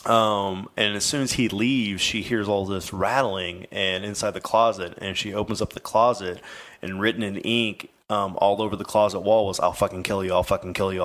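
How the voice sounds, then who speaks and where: A man's voice: low voice, fairly bright tone. A man co-hosting a podcast, recounting a paranormal case in a rambling, casual way with lots of fillers and swearing. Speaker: podcast host. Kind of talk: casual storytelling podcast chat.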